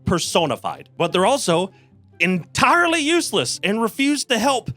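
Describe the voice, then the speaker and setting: A fairly high-voiced man rants through a video game review, sarcastic and swearing freely. His pitch jumps around animatedly, and soft music runs quietly behind him. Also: very animated, moderate pace. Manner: sarcastic, profane, exasperated.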